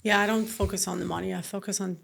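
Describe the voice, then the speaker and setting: A woman's voice: mid-range voice, fast, vocal fry. A young woman, originally Scottish but now sounding mostly American, telling stories animatedly in a casual interview with lots of "like" fillers. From Scotland. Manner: animated storyteller, frequent "like" fillers. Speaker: guest entrepreneur.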